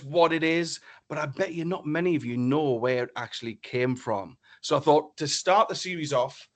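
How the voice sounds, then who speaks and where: A middle-aged man, a business speaker, tells a story to an online audience in a lively way and acts out the dialogue with exclamations. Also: on the high side.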